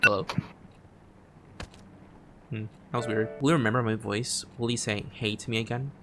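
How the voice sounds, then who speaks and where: A man streaming a game, reading its text aloud, often stumbling and restarting phrases and dropping quiet asides. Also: fairly low pitch, steady tone, moderate pace, music in the background. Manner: drops quiet asides between read lines.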